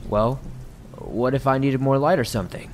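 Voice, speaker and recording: A man's voice: medium pitch, moderate pace, soft background music, pitched above the performer's own voice, lightly acted. A man voicing an odd, pushy stranger who drawls and stammers in a horror story reading.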